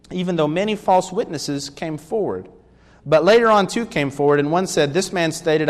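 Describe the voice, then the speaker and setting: A man's voice: fairly high pitch, big-room sound. A man preaching a sermon lesson, earnestly explaining scripture and asking rhetorical questions. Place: church.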